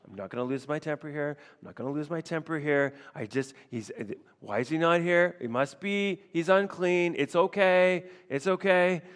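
A man putting on a jealous king who is barely holding his temper, his voice pitched a bit high and his disbelief spilling out. The words bounce in a long hall reverb. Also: moderate pace, hardly any pauses, a bit bright, clean tone, lightly acted. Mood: self-soothing. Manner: exasperated, incredulous. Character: jealous, angry ancient king, middle-aged man.

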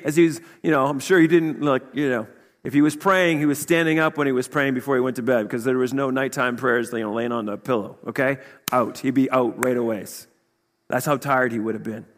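A male pastor giving a conversational sermon, full of rhetorical questions and quick asides. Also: mid-range voice. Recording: long hall reverb.

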